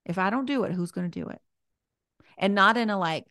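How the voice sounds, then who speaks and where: A woman's voice: medium pitch, a little fast, no room sound, studio quality. A woman talking as a podcast guest, chatty and encouraging, with lots of "like" and "you know" as she corrects herself mid-sentence. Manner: gentle and encouraging. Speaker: podcast guest giving life advice. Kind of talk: casual podcast conversation.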